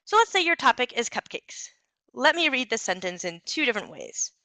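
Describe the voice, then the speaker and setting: A young woman giving an instructional talk on communication skills, clear and encouraging, with occasional fillers. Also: fairly high pitch, sing-song, brisk, bright, forceful tone, no echo.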